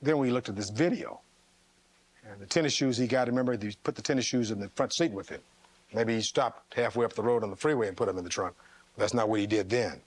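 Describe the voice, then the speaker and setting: A man's voice: fairly low pitch, fast talker. Emphatic man giving a closing argument. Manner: reads testimony aloud and fires rhetorical questions to the jury. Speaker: defense attorney.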